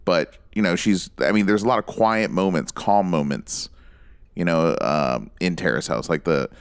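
A man's voice: deep voice, moderate pace, vocal fry, smooth, no echo. A man in casual podcast chat, musing aloud and rambling between points.

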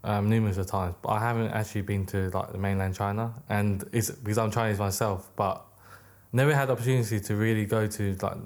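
A man's voice: on the low side, fairly even intonation, fast. A young man, a podcast guest chatting casually, rambling with lots of "like" and restarts. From United Kingdom. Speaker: podcast guest, clothing brand maker. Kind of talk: casual interview chat.

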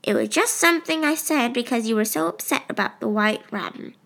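A woman's voice: a little high, lively intonation, brisk, creaky, fairly bright tone. A woman voicing a timid fourteen-year-old girl who answers hesitantly, in a storybook reading. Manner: hesitant, sniffling.

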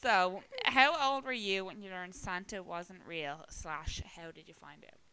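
A woman's voice: lowish voice, animated, unhurried, pushed and bright, smooth, poor audio. A young Irish woman co-hosting a podcast, chatting casually, swearing a lot and filling her talk with "like" and "right?". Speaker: podcast co-host. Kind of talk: casual chat.

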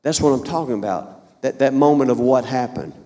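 A man's voice: mid-range voice, a little fast, mellow, long reverb tail. A man in his fifties preaching a fervent sermon, repeating and restarting phrases as he builds. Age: 50s.

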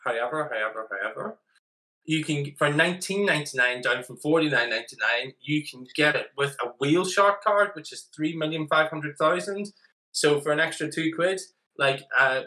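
Irish co-host, bright sharp voice, chatty, repeats stuff a lot. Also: medium pitch, poor audio. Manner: chatty, repeats words while building a point. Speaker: podcast co-host. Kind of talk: casual chat.

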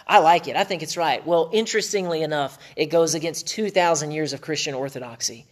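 A man's voice: a little high, a little fast. A middle-aged man hosting a marriage podcast, teaching in an emphatic, preacher-like way and repeating phrases for stress.

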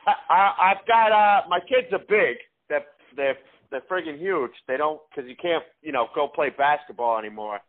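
A man with a slightly high voice rambles through a prank phone call, stumbling over fillers and restarts. He comes through a tinny, narrow phone line. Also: animated, moderate pace. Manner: rambling and hesitant, full of fillers. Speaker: prank caller.

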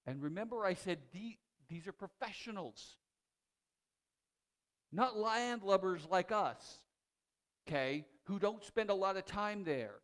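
Animated man preaching a sermon. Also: sits high, unhurried, long pauses. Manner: animated storytelling with restarts, swinging from loud to hushed. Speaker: pastor.

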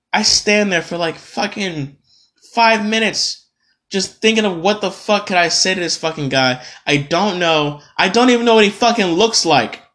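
A man's voice: fairly high pitch, fairly bright tone. A man hosting a solo podcast, ranting in a casual, profane, exasperated way. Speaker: podcast host.

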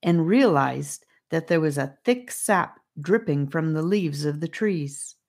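A woman's voice: low voice, animated, measured pace, darkish tone. A woman narrating a storybook, reading aloud and addressing the listener. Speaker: audiobook narrator.

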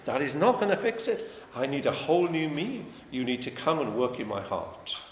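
A man's voice: fairly high pitch, sing-song, normal speed, slight background noise. Man preaching in an echoey hall. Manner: conversational, questioning the congregation, emphatic. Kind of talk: sermon. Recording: echoey hall, faint ambience.

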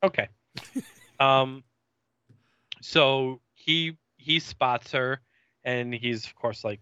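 Podcast host, young male, bright and punchy, dull lo-fi recording. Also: mid-range voice, slow, pauses often, clear, resonant tone, dry recording. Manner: animated retelling, acting out character lines. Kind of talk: casual episode recap.

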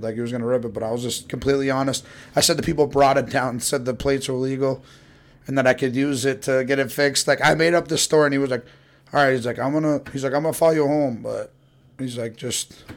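Young new guy telling wild stories, cusses nonstop, does all the voices. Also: mid-range voice. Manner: swears constantly, acts out voices in stories. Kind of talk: casual storytelling.

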